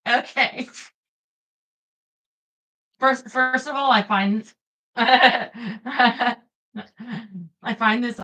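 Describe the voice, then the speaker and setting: A woman's voice: medium pitch, slow pace, long pauses, bright, forceful tone, rough recording. A young woman streaming live, chatting casually with her viewers, laughing often and reading out their comments. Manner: chatty, giggly, reads chat aloud.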